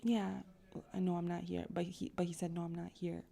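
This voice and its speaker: Young woman, casual reader, rambles with fillers, low warm tone. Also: level tone, brisk, creaky. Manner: rambling, chatty, full of "like" and "you know". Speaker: tarot and astrology reader. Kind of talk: casual collective reading.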